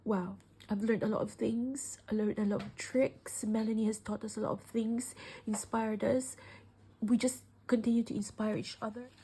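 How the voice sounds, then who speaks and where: A woman, chatting tearfully and gushing as she unwraps gifts, often sinking into a soft whisper. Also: on the high side, fairly even intonation, moderate pace, slight background noise. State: teary. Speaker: craft vlogger. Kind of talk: casual unboxing chat.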